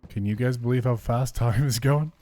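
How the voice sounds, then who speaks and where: A man's voice: mid-range voice, normal speed, warm tone, a little hiss or hum. A man streaming a game live, chatting casually and greeting viewers in chat.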